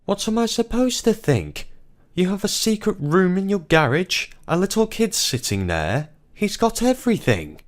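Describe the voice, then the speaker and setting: A man voicing a distraught grown woman who confronts her husband, pleading and then shouting, in a story narration. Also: animated, a little slow. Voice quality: low voice pushed higher for a woman.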